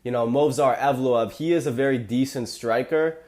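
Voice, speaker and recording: A man's voice: mid-range voice, moderate pace, darkish tone. A young man with a sick, stuffy voice, casually breaking down fight picks as a channel host, loose and joking. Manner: loose and joking, says "y'all".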